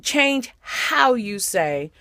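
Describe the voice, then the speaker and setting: A woman's voice: a little high, big pitch swings, extremely slow, sharp tone, dry recording. Woman giving a dry close devotional talk. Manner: conversational, repeats phrases for emphasis. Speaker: devotional speaker. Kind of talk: short devotional message.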